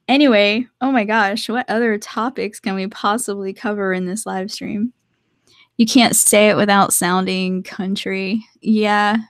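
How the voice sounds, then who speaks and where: A woman's voice: mid-range voice, fairly even intonation, unhurried, no room sound, studio quality. A young adult woman chatting casually to viewers on a live stream from her art desk at home, laughing often.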